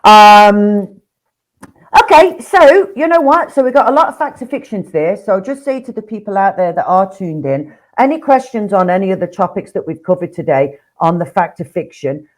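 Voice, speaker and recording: A woman's voice: medium pitch, lively intonation, normal speed, poor audio. Chatty Nottingham woman, full of slang. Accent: Nottingham English. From Nottingham, England. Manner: chatty, swears freely, slips into slang. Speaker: co-host, real estate professional. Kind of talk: casual podcast chat.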